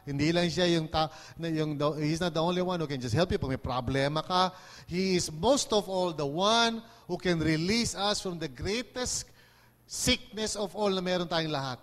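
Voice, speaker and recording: A man's voice: fairly high pitch, moderate pace, big-room sound. A man with a Filipino accent preaching a sermon, often checking in with his listeners by asking for an amen. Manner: mixes English and Tagalog, asks "di ba?" and "amen?" often. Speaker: pastor.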